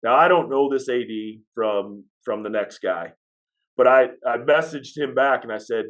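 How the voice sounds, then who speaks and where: An energetic man working as an athletic director tells a story from his job on a podcast. His voice sits in a middle register. He throws himself into the telling and acts out the other people's lines. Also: mid-range voice, moderate pace, low-quality recording. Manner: animated storyteller who acts out what others said. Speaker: high school athletic director.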